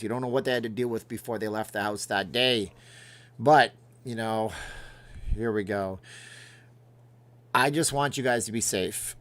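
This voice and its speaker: A man hosting a casual livestream in a mid-range voice. He rambles from topic to topic and reads out viewers' names and comments as he goes. His tone stays loose and conversational. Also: mid-range voice. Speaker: host.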